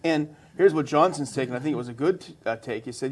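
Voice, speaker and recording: A man co-hosting a casual political discussion, conversational and agreeable. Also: mid-range voice. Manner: conversational, agreeable, quick asides. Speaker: podcast co-host.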